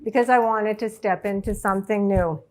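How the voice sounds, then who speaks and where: A middle-aged woman, a life coach, telling a personal story to an audience in an emotional, halting way. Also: mid-range voice, fairly even intonation, darkish tone. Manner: emotional, halting, tearful at times.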